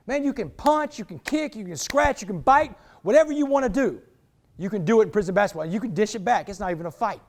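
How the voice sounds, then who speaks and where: High-voiced man telling a story with energy. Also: quick pace. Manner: animated, street-talking storyteller, calls listeners "man" and "y'all". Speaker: motivational speaker. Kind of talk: motivational storytelling talk. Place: indoors, speaking to a football team.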